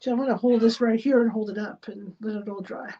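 A woman with a fairly high voice hosts a casual live stream from a spare room at home. She talks her way through each step of a craft project, often half-muttering to herself. The recording sounds dull and lo-fi. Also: steady tone, fast. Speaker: livestream host. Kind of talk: casual running commentary while crafting. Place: spare bedroom at home used as a studio. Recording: dull lo-fi sound with faint noise.

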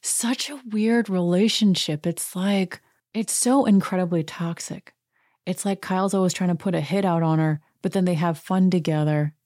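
A woman's voice: on the low side, dark tone, no room sound, studio quality. A woman hosting a podcast, giving a chatty and wry recap of a TV episode. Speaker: podcast host. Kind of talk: casual TV recap monologue.

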